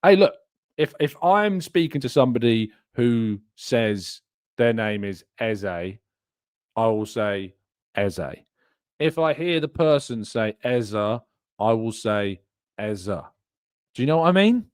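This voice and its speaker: A man's voice: medium pitch, animated, a little slow, a little mellow, clear, resonant tone, dry recording. Chatty man, dry close sound. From England. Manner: chatty, rambling, laughs often. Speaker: podcast host. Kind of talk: live-stream chat, reading viewer comments.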